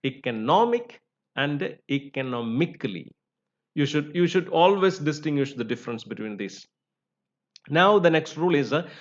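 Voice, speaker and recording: A man teaching English word stress, spelling out suffixes letter by letter and pausing often on fillers. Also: fairly high pitch. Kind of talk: spoken lesson on word stress. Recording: lo-fi dull recording.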